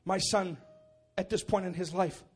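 Husky-voiced man preaching a sermon. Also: sits high, steady tone, normal speed, soft background music. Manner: builds from quiet teaching to shouted exhortation. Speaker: pastor. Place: church auditorium.

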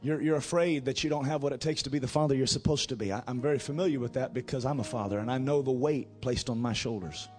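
A middle-aged male pastor preaching a sermon, building to drawn-out shouted emphasis. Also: medium pitch, faint music behind.

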